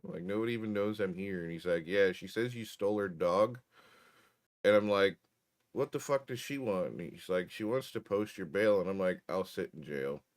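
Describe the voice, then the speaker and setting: A man's voice: sits low, a little fast. A man telling a story in casual chat, profane and wry.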